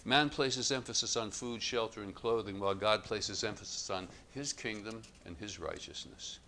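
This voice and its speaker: Low-voiced preacher guy, bright forceful tone, measured emphatic sermon. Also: a little hiss or hum. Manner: measured, emphatic contrasts, rising louder on quotes.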